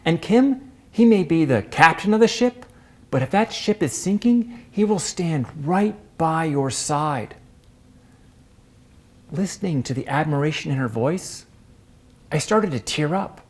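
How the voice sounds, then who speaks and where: A man performing a staged storytelling monologue as a performance artist, expressive, with wide swings in pitch and pace. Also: a little slow. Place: performance space.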